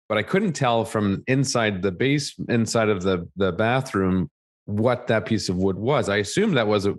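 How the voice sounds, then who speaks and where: A man with a very low voice co-hosts a casual podcast. He teases easily and talks through a home-repair job step by step. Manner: easygoing, teasing, detailed storyteller. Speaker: podcast co-host.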